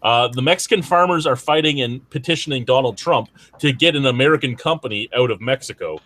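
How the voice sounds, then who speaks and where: A man's voice: mid-range voice, a little fast, fairly bright tone, dry recording. A man co-hosting a casual podcast, reading news items aloud with a rambling, stop-and-start manner. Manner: rambling, lots of fillers and restarts while reading. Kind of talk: casual chat.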